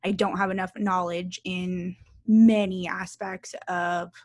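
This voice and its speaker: A woman in her thirties co-hosting a podcast, telling a story in casual chat, animated and laughing, swearing freely. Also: fairly low pitch, slow. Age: 30s. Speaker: podcast co-host.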